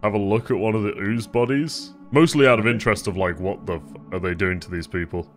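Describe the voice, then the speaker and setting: A man's voice: lowish voice, quick pace, soft background music. A man playing in a tabletop game, chatty and curious, with lots of "like". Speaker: player. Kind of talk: casual tabletop play.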